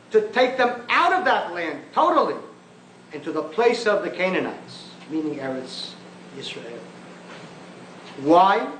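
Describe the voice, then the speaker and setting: Emphatic rabbi lecturing in an echoey hall. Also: male voice, sits high, slight background noise. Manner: emphatic, mocking, rhetorical questions. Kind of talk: impassioned public lecture. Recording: echoey archival lecture recording.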